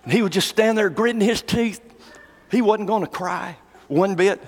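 High-voiced preacher in a reverberant hall. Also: male voice. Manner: folksy, conversational preaching, reads scripture slowly. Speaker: pastor. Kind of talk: sermon.

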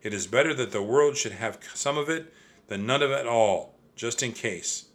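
Man putting on a frail old monk, thin wavery voice, soft and tender. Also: mid-range voice, normal speed, close to an everyday voice. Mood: pleading.

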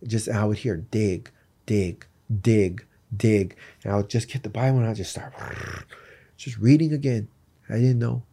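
Gravelly, mellow man sharing his testimony. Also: fairly low pitch, fairly even intonation, measured pace. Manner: earnest, candid storytelling. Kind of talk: personal faith testimony in conversation.

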